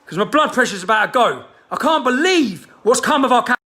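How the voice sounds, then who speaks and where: Furious high-pitched man ranting. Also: big pitch swings, fairly quick. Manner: shouting, heavy swearing, hectoring questions. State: angry. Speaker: activist ranting to camera. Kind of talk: angry direct-to-camera rant.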